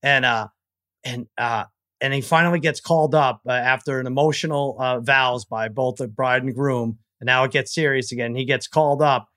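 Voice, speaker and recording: A middle-aged man co-hosting a sports podcast, telling family stories in a rambling, halting, self-deprecating way. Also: mid-range voice, fairly even intonation, sharp tone, dry recording, studio quality. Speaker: podcast co-host. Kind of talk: casual storytelling chat.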